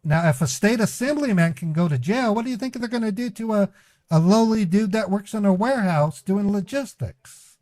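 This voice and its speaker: A man's voice: high voice, normal speed, a little mellow, no echo. A man streaming a prank call, stammering and pleading in an overwrought way. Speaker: scambaiting streamer. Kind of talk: prank call role-play.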